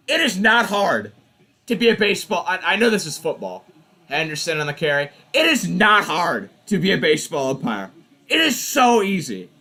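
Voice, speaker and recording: Animated young man ranting over a game. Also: on the high side, fairly quick. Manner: animated, exasperated ranting about refs. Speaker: watch party host. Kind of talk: casual live game commentary.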